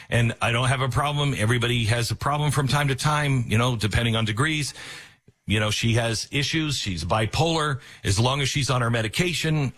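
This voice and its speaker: A man's voice: medium pitch, a bit bright, breathy edge. A man giving opinionated political news commentary, retelling stories sarcastically and acting out the quotes.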